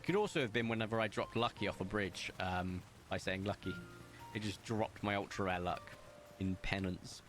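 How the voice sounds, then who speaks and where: At normal speed, in a fairly low and slightly bright voice, a young man casually comments on the game he's streaming and talks to chat with self-mocking jokes. He's in a room at home with the window open, faint music behind.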